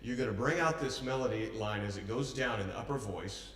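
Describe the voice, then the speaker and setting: A man's voice: fairly low pitch, a little fast, fairly bright tone. A man coaching a pianist in a master class, encouraging and humming or counting the phrases aloud as they play. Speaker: piano master class teacher. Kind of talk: coaching a pianist through a piece. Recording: echoey hall from far off, piano playing.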